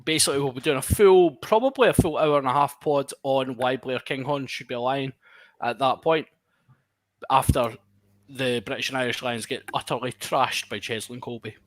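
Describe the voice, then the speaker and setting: A man's voice: medium pitch, fairly even intonation, normal speed, no echo. A man co-hosting a podcast, teasing the others in casual, sarcastic banter. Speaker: podcast co-host.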